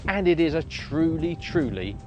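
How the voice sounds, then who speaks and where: A man's voice: on the high side, sing-song, moderate pace, lo-fi sound. A man presenting a car review, chatty and enthusiastic with wry asides, recorded inside a car. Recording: audible road and traffic noise behind.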